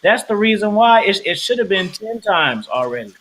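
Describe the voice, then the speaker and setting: High-voiced man hosting a playful podcast. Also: sing-song, moderate pace, a bit bright, a little hiss or hum, rough recording. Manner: playful, teasing. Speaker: podcast host. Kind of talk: casual podcast chat.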